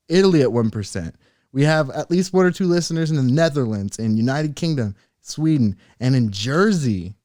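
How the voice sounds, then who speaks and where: A man co-hosting a casual podcast, chatting playfully and getting excitable as he gives shout-outs to listeners. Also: medium pitch, moderate pace, dry recording, clean studio sound. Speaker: podcast co-host. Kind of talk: casual chat. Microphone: studio microphone on camera.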